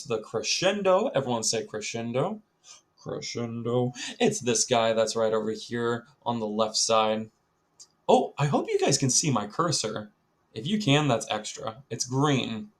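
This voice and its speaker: Chatty young male music teacher. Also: mid-range voice. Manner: chatty, addresses students directly, many ums. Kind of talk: recorded music lesson for children.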